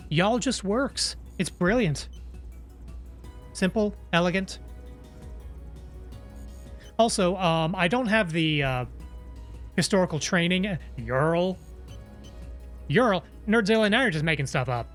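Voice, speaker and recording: A man streams a video game and talks it through in a chatty, musing way. His voice sits a little higher than most men's. Soft game music plays under him. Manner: chatty, musing, playful asides. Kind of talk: live gameplay commentary.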